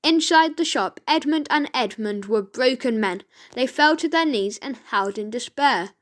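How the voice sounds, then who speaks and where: A woman reading a children's audiobook aloud, slowly and with the odd stumble and self-correction. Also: sits high, animated. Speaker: reader.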